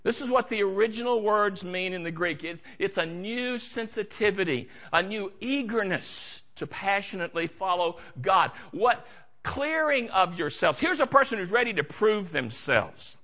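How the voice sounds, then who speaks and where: A man delivers a sermon with a high, bright voice, swinging between booming lines and hushed asides as he acts out the people he quotes. The recording sounds dull and lo-fi. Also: expressive, normal speed. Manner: dramatic preaching, acting out quoted voices. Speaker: pastor.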